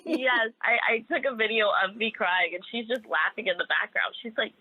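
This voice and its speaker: A woman's voice: medium pitch, a little fast, hardly any pauses, no echo. A woman in her twenties, an actor being interviewed, gushing and emotional as she talks. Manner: effusive, emotional, restarts often. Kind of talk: casual interview chat. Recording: tinny phone line.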